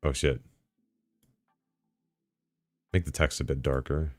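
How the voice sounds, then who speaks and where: On a dry recording with faint music behind him, a bass-voiced streamer talks briskly to himself and his chat as he sets up software. He swears casually and erupts in excited outbursts now and then.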